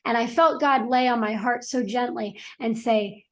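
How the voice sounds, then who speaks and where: A woman's voice: a little high, moderate pace. A middle-aged woman guest on a podcast, telling her story in an earnest, reflective way with frequent restarts. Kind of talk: casual interview conversation.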